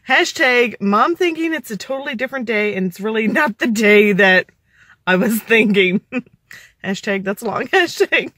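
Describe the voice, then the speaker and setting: A woman's voice: on the high side, a bit bright, no echo, studio quality. A woman, chatting casually to the camera in a vlog and laughing often. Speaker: vlogger.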